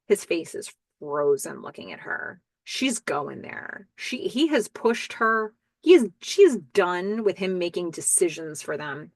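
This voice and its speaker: A woman's voice: lowish voice, sing-song, measured pace, gravelly, no room sound. A woman hosting a podcast, recapping a TV episode in casual talk and quoting the characters in her own voice. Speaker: podcast host.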